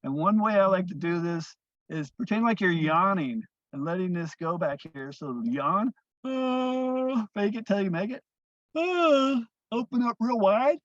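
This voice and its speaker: A man teaching breathwork, guiding listeners through breaths in a slow, soothing way that often trails off softly. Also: fairly high pitch, animated, no room sound. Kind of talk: guided breathing instruction. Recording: dull, lo-fi dry sound.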